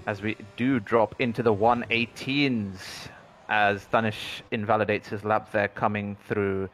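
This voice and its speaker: A man's voice: on the low side, fairly even intonation, a bit bright, a little hiss or hum. Man calling a sim race qualifying. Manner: measured, analytical play-by-play. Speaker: sim racing commentator. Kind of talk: race commentary.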